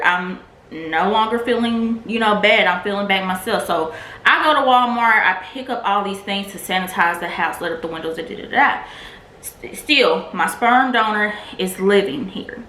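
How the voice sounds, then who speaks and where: A woman's voice: mid-range voice, moderate pace, bright, forceful tone. A woman vlogger candidly telling a personal testimony in a casual, filler-heavy way. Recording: echoey room with faint noise.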